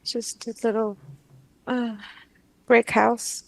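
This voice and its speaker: A woman client under hypnosis describing what she sees in a hesitant, halting way, full of pauses. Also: a little high, little pitch movement, creaky, low-quality recording. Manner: hesitant, halting, dreamy speech with pauses and restarts.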